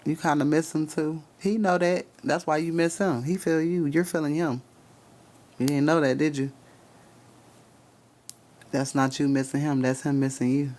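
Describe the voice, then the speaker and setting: A man's voice: a little high, fairly even intonation, moderate pace, pauses often, a little mellow. A man giving spiritual readings on a casual live stream, cursing freely, laughing often and talking straight to his chat.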